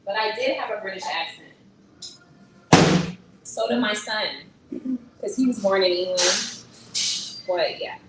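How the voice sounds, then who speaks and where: A woman streaming from her phone on a gimbal, reading chat and firing back with lively emphasis. She sits a bit away from the mic in an echoey room. Steady noise hums behind her. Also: mid-range voice, a little slow, long pauses, recorded from a distance. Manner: animated, emphatic, talks back to commenters. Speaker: vlogger answering live chat. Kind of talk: casual live-stream chat. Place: indoor room on vacation.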